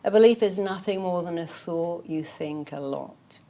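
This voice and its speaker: A therapist guest speaks in a fairly low, mellow voice at normal speed. Her motivational interview talk is emphatic and repetitive, built on stories and repeated affirmations.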